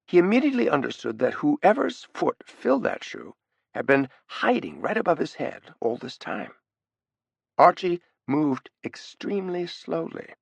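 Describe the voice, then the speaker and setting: Animated male audiobook narrator. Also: on the high side, measured pace, creaky, husky, no room sound. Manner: animated, expressive reading. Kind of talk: scripted narration.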